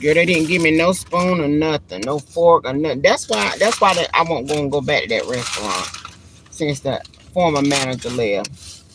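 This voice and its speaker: A woman's voice: low-pitched, moderate pace, noisy background. A woman hosting a casual live stream from inside her car, chatting in a folksy way to viewers on a handheld phone. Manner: chatty and folksy, calls viewers girl and honey. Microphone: handheld phone camera.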